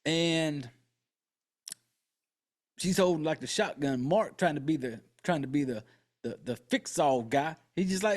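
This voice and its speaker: Excitable, profane man recapping a movie. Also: fairly high pitch, a little slow, pauses often. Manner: acts out characters' lines in quotes. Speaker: podcast host.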